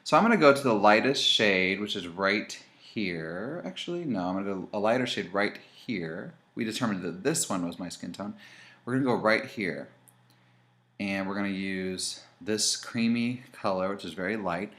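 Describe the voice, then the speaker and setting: In this casual makeup tutorial, the male host talks at a normal speed in a lowish voice. He stays chatty and animated, speaking straight to his viewers as he works.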